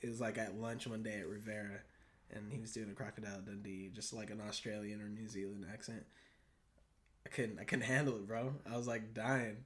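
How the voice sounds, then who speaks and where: A man's voice: on the low side, flat delivery, brisk. A man co-hosting a casual podcast, talking in laid-back slangy banter and swearing freely. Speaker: podcast co-host. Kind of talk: casual chat.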